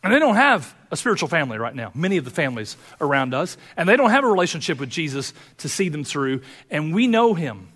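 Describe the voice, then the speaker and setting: An earnest male pastor delivering a sermon in a church sanctuary, his voice sitting a bit high for a man. He moves between fervent urging and quiet, personal confession. A long hall reverb trails each phrase. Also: big pitch swings, quick pace, few pauses, breathy edge.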